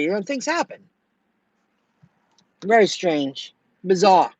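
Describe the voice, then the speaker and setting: A middle-aged woman telling viewers about her delivery rounds in a chatty, animated way, acting out what people said. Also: medium pitch, a little slow, pauses often, no room sound, dull audio. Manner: chatty, animated retelling with quoted dialogue. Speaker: food delivery driver vlogger. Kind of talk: casual storytelling to viewers.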